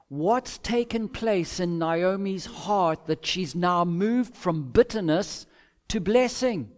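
A man preaching an expository sermon, measured, with emphatic pauses and acted-out quotes. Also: sits high. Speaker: pastor.

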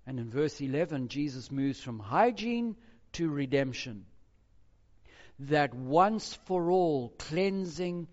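A man preaching a sermon verse by verse, emphatic, moving between loud stressed phrases and quiet, low asides. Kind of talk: expository sermon. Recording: dull lo-fi recording with hall reverb.

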